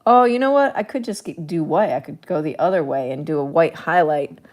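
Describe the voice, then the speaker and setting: A woman's voice: deep voice, fairly quick, a little mellow. A woman artist talking casually to the viewer as she paints, chatty, playful and thinking aloud. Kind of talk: casual narration while painting.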